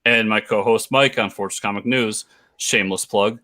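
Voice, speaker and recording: A man's voice: lowish voice, fairly even intonation, moderate pace, bright, forceful tone. A man co-hosting a casual comics livestream, telling anecdotes and quoting people. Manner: storytelling, quoting others in exasperated asides. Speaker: podcast co-host.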